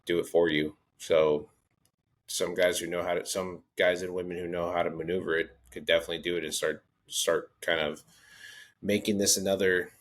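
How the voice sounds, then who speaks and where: A man with a notably deep, low voice co-hosting a golf podcast. He chats loosely and tells a long story, often restarting his sentences. His tone is easygoing and relaxed. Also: moderate pace. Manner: rambling, lots of restarts and fillers, storytelling. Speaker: podcast co-host. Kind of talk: casual chat.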